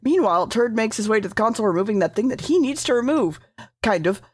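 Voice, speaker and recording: A woman's voice: fairly high pitch, lively intonation, fast talker, darkish tone, breathy edge, dry recording. Woman rambling through an episode recap, swears a bunch, fixes her words as she goes, dry close sound. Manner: rambling, swearing, self-correcting.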